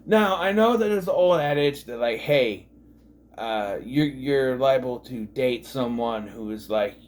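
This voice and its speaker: A man in his thirties talks through a TV episode in a loose, meandering way, tossing in sarcastic spoiler jokes and plenty of fillers. His voice sits at an ordinary middle pitch. A faint background hiss runs under the recording. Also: lively intonation, unhurried. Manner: rambling and sarcastic, with many fillers and asides. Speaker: TV show reviewer. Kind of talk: casual recap commentary.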